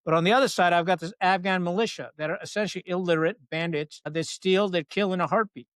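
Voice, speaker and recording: A man in a podcast interview, telling frank stories in a blunt, salty, animated way. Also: high-pitched, fast talker, clear, resonant tone, no echo. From Pakistan. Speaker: podcast guest, retired Marine officer. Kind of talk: candid conversational storytelling.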